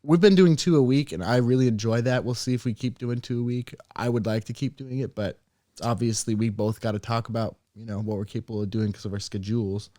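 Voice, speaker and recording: A man co-hosting a casual podcast, chatting playfully and getting excitable as he gives shout-outs to listeners. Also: mid-range voice, fast talker, no room sound, clean studio sound. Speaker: podcast co-host. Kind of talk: casual chat. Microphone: studio microphone on camera.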